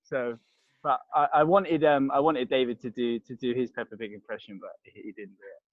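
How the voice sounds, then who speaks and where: In a steady, mid-range voice that runs a little fast, a man with a London accent guests on a podcast as a crisp reviewer, rambling through casual chat full of fillers and restarts. The audio is dull, with no room sound.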